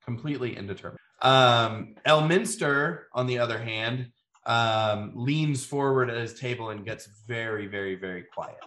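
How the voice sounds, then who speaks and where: Man, game master narrating, average pitch, calm storyteller, echoey room. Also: moderate pace. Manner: calm storyteller, frequent ums.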